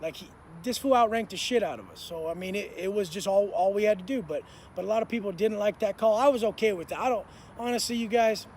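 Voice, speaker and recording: A man with a fairly high voice tells a story in a blunt, intense way, packed with swearing and street slang. He is recorded outdoors in a city, with faint traffic noise behind him. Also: fast, hardly any pauses, darkish tone. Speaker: motivational speaker. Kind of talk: storytelling monologue.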